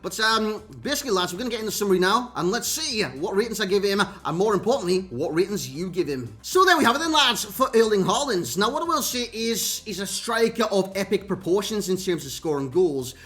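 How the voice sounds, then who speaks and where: This man's high, fairly bright voice is expressive and brisk, with few pauses. He's a gaming YouTuber from North East England with a Geordie accent, casually narrating gameplay clips and addressing viewers as "lads" and "mate."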